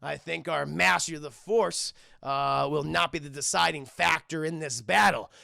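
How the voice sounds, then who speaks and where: Brief: haughty aging villain count, drawn-out and smug, bright crackly edge, played by a man. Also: fairly high pitch, creaky, no echo, clean studio sound, full character voice. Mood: menacing.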